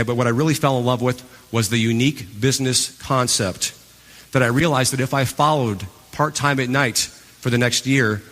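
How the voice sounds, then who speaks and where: Animated man telling a story in a hall. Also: medium pitch. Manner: animated storytelling, acts out his past reactions. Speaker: motivational speaker. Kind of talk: live stage talk to an audience. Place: large event hall. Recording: long hall reverb.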